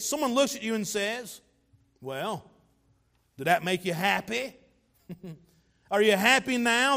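A man's voice: high voice, a bit bright. A man, a pastor preaching a sermon in an earnest way with light asides.

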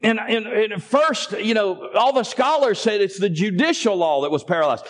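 A high-voiced male pastor preaching to his congregation. He calls out to the people in front of him and asks them to say amen. His delivery climbs steadily toward fervent, near-shouted peaks. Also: animated, moderate pace, hardly any pauses. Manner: preaching with a rising, impassioned build-up; calls to the congregation in a Southern US vernacular. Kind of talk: sermon.

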